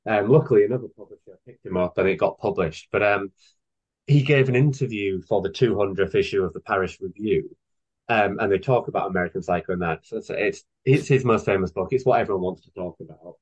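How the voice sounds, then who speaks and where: With a fairly low, husky and slightly mellow voice, a man in his thirties talks at a quick pace as an author guest in a casual podcast chat. He rambles enthusiastically and uses many fillers, recorded in dull, lo-fi audio.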